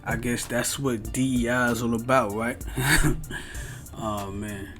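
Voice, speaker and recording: A man's voice: mid-range voice, fairly even intonation, normal speed, music in the background. Heated man arguing back in slangy talk. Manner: heated, argumentative, talks back directly at the other creator; casual slang-heavy street talk. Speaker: YouTube commentator answering another video. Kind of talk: reaction commentary.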